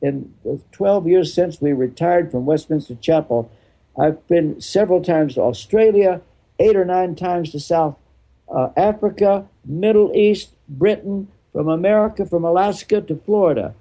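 A man's voice: sits high, measured pace, warm tone. An older man, a retired pastor being interviewed, explaining his views emphatically and answering his own rhetorical questions.

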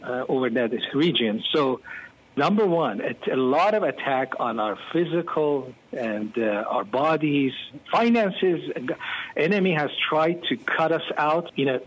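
Husky, animated male pastor. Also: a little high, a little slow. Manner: animated, bursts into excited exclamations. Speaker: pastor, interview guest. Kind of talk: storytelling interview talk. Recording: muffled lo-fi.

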